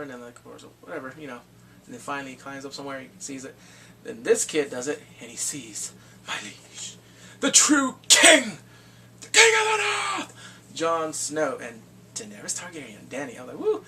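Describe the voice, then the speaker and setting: A man giving an excitable, casual spoken review of a TV episode, swinging from mumbles to shouts. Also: mid-range voice, far from the mic, slight background noise.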